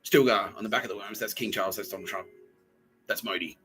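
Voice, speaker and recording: A man hosting a comedy podcast, rambling and profane as he retells scenes and acts them out in quick voices. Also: fairly low pitch, a bit bright, faint music behind, low-quality recording. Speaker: podcast host. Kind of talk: comedic monologue.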